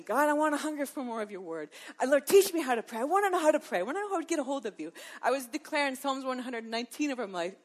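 Lively, fairly high-voiced woman giving testimony. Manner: lively storyteller who acts out her own inner dialogue and laughs often. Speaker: Christian women's speaker. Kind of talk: personal faith testimony, sermon-like talk.

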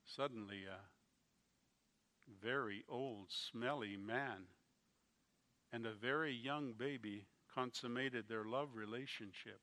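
A man preaching a sermon, telling a story slowly and with feeling, his volume rising and falling. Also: mid-range voice. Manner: slow, emotional storytelling with swings in loudness.

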